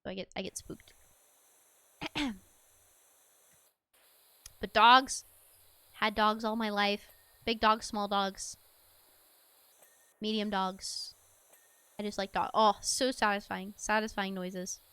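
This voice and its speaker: A woman's voice: medium pitch, fairly even intonation, takes it slowly, pauses often, pushed and bright, clean tone, dry recording. A woman streaming a game and chatting casually, giggly and swearing offhand. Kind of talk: casual gameplay chat.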